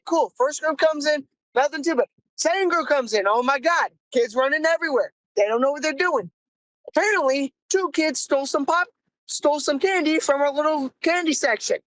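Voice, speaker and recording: A young woman hosting a podcast, telling a comic story about her first job in an animated, exasperated way and swearing freely. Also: high-pitched, no echo, rough recording. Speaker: podcast host.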